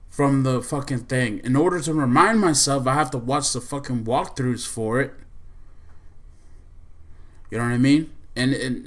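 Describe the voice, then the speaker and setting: A male podcast host in an angry, profane rant, repeating himself and restarting sentences as he vents. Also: medium pitch. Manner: repetitive and profane, heated venting with restarts.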